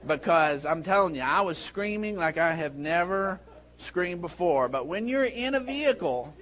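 Preaching at a moderate pace, this man in his thirties has a fairly high voice for a man and tells his sermon's stories with lively animation. He's a pastor, and acting out scenes sends him into loud shouts.

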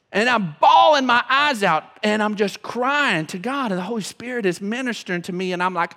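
A man preaching a sermon as pastor, emotional, swinging from loud to hushed. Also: sits high, a little fast, few pauses. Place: church sanctuary. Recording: long reverb of a church hall.

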